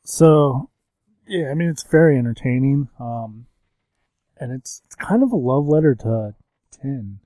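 A man's voice: medium pitch, lively intonation, a little slow, mellow, no room sound, rough recording. A man in his thirties co-hosting a podcast in casual, joking chat, sometimes slipping into silly voices. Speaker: podcast co-host.

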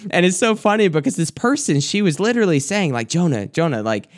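A man's voice: sits high, animated, fast talker. A young man, a youth pastor, telling a candid personal story of his own mistake as a sermon testimony, with lots of casual fillers.

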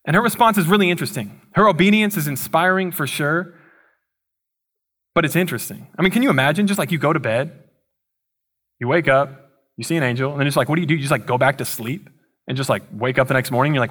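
A man's voice: on the high side, fast, fairly bright tone. A young man preaching a sermon in a casual, conversational way, with playful asides. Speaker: pastor.

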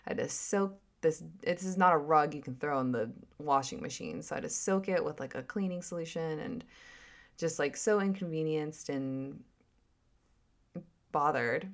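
A woman vlogger and mother talking in a casual, reflective monologue that rambles and drifts into soft whispered asides. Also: sits low, normal speed.

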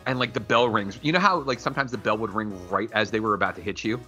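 A man co-hosting a casual chat, rambling and animated, often slipping into goofy character voices. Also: fairly low pitch, fast talker, soft background music. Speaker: podcast co-host.

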